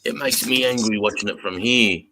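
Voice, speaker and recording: A man's voice: lowish voice, brisk, noisy background. A man hosting a live stream, talking in a casual, profane and heated way.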